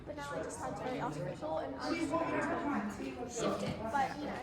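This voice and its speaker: A woman's voice: high voice, a little fast. A woman who played a witness in a mock trial, chatting animatedly with teammates in a courtroom. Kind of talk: casual chat with teammates. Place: large courtroom. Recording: echoey courtroom with loud crowd chatter.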